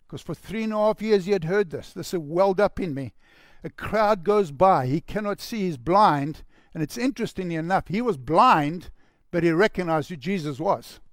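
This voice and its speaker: A male pastor preaching an impassioned sermon, building to loud shouts at its peaks. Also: fairly high pitch, no room sound, studio quality.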